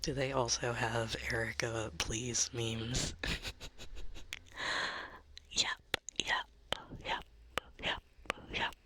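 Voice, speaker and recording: A woman streamer rambling through soft ASMR chat, giggling often and speaking close to a sensitive microphone. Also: a bass voice, level tone, drawn-out words, pauses often, slight background noise.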